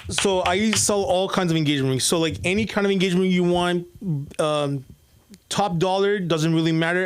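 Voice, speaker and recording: Open-mic comic, male, slightly higher voice, loose rambling delivery with constant restarts. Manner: rambling, many restarts and fillers. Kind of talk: rambling stand-up storytelling.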